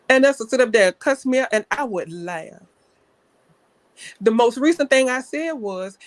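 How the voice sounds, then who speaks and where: A young woman with a fairly high voice hosts a live stream panel, chatting and telling stories in a loose, casual manner. Her voice sounds close and dry, with no room echo. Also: expressive, normal speed. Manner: chatty, storytelling, defensive.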